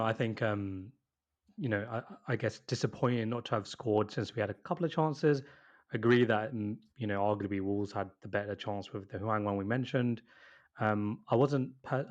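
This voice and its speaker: A man's voice: lowish voice, normal speed, muffled recording. A young man co-hosting a football podcast, speaking hesitantly with many you-knows and restarts. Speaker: podcast co-host. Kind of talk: casual football chat.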